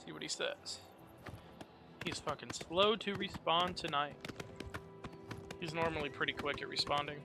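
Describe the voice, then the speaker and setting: Over game music, a man streams a fantasy game with casual live commentary, swearing hard at enemies. His voice is fairly high, at normal speed, with frequent pauses.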